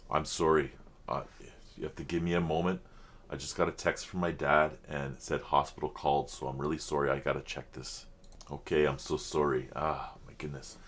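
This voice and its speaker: Very deep-voiced man, rambling and earnest. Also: flat delivery, a little fast, fairly bright tone. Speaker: reaction video host. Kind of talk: casual reaction commentary. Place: home computer setup.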